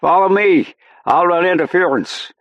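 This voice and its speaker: A man's voice: sits low, normal speed, husky, no echo, lo-fi sound. A man voicing an easygoing airman who is a doctor. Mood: shouting. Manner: easygoing, shouting over crowd later.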